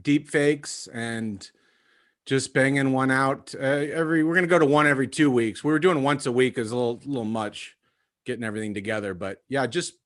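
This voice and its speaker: A man's voice: medium pitch, fairly quick, fairly bright tone. A man who does impressions, a guest on a podcast, talking casually in a rambling way full of filler phrases. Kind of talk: casual chat.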